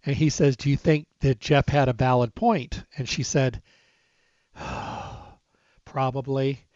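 A man's voice: medium pitch, steady tone, normal speed, darkish tone, no room sound. A man hosting a casual health talk, telling a personal story and acting out the dialogue in a conversational way. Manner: conversational, retells dialogue, stresses repeated words. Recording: dull dry lo-fi recording.

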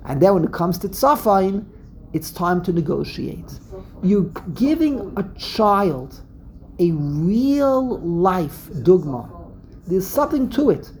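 A woman from Brooklyn with a Brooklyn accent, giving a religious lesson with an animated storyteller's habit of repeating and restarting phrases. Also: fairly low pitch, slow, low-quality recording. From Brooklyn, USA. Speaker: religious teacher. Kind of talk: Passover lesson talk.

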